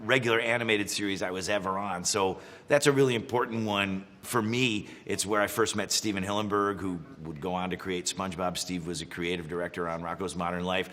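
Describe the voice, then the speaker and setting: A man's voice: medium pitch, moderate pace, few pauses, long reverb tail. A middle-aged man, a voice actor, giving dry, joking commentary on impressions of his characters. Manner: dry, wry humor with fillers. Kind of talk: playful commentary.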